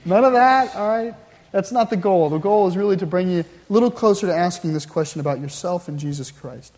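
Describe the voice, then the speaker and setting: A man's voice: sits high, fast talker, dark tone. A male pastor preaching a sermon in a conversational storytelling way, with wry asides. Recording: long hall reverb.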